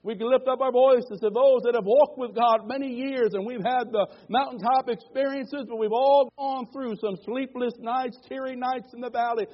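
A man's voice: very high voice, steady tone, normal speed, hardly any pauses. A male pastor preaching a fervent sermon in a church, calling for amens and building to repeated declarations. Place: church sanctuary. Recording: dull lo-fi church recording.

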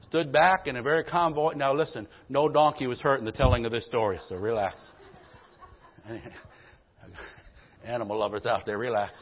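Man, pastor, husky voice, call-and-response preaching, folksy asides, dull lo-fi church recording. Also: mid-range voice, fairly even intonation, normal speed, long pauses. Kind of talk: sermon.

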